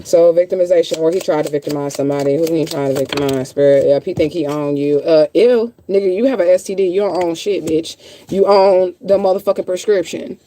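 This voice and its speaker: A woman's voice: on the low side, a little fast, mellow, slight background noise. A woman reading tarot in a casual livestream chat, blunt, chatty and freely profane. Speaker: tarot reader.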